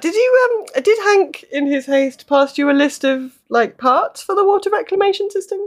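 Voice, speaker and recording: Woman, high voice, polite, hesitant, tabletop role-play. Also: expressive, normal speed, few pauses. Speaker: player.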